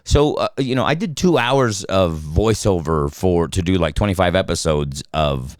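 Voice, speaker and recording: A comedian and voice actor in his fifties, a podcast guest telling animated stories with frequent laughs and restarts. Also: deep voice, normal speed, no room sound. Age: 50s. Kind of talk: casual storytelling chat. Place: podcast studio.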